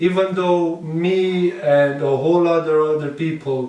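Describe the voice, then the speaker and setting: A man from Romania, a guest on a casual interview podcast, explaining things in a measured way and slowing down on key points. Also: high-pitched, steady tone, dark tone, dull audio. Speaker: podcast guest, dancehall dancer. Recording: roomy, distant from the mic.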